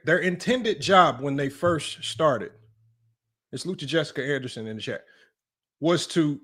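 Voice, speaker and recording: A sports analytics streamer hosts live basketball commentary, arguing his point emphatically and repetitively while talking straight to his chat, often asking "right?" and calling out to "y'all". His voice is on the high side and a bit bright.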